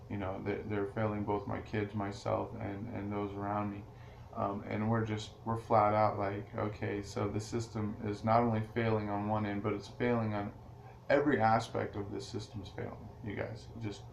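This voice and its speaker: A man vlogs directly to his viewers, rambling casually and often restarting his sentences. His voice is fairly low and darkish with vocal fry, on a muffled recording made in an echoey room with faint ambient noise.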